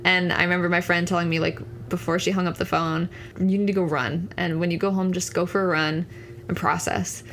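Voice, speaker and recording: A young woman in her twenties speaks as a podcast guest, telling her own story in an earnest, candid way. Her voice sits on the lower side and she fills her sentences with casual "like"s. A faint hiss runs under the recording. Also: steady tone, brisk, fairly bright tone. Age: 20s. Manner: earnest, candid, frequent "like" fillers. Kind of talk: conversational personal story.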